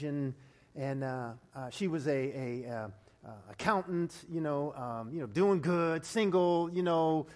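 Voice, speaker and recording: A man delivers a storytelling sermon in a high-pitched voice, animated and full of stammered restarts. His words ring out through a long hall reverb. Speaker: preacher.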